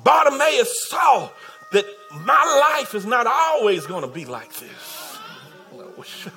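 A man's voice: extremely high pitch, sing-song, slow, pushed and bright. A man preaching a sermon, building his points through repeated phrases and calling out to the congregation.

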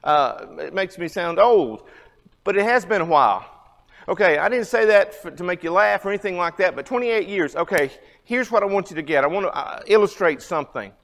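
High-voiced man teaching a church class. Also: expressive, brisk, a bit bright. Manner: conversational, asks the audience questions. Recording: long hall reverb.

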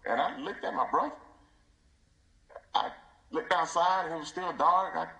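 A man's voice: on the high side, normal speed, creaky, pushed and bright. A man giving a tribute at his father's funeral in a church, his voice often breaking and falling to a near whisper. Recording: echoey church room.

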